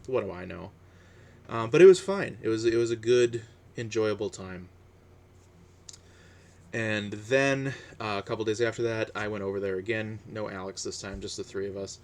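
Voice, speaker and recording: A man's voice: on the low side, moderate pace. A man chatting casually on his own, hesitant and full of fillers and restarts. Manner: relaxed, chatty. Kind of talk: casual personal monologue.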